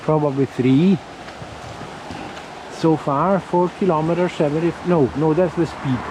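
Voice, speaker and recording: A man casually vlogging while he walks around town, halting and searching for his words. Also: fairly high pitch. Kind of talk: casual walking vlog talk. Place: outdoors on town streets. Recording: outdoor street with passing traffic.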